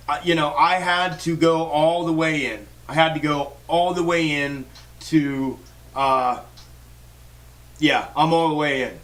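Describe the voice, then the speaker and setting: A man's voice: fairly high pitch, fairly bright tone, recorded from a distance. A man hosting a stock trading livestream, ranting in a fired-up, profane way with lots of restarts. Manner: fired-up, swears constantly, rambling restarts. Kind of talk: profane live-stream rant.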